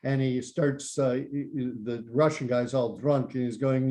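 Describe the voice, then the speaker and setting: A man's voice: mid-range voice, measured pace. A male podcast guest in casual chat, eagerly retelling movie plots and recommending films. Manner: enthusiastic storyteller, gets excited recommending things.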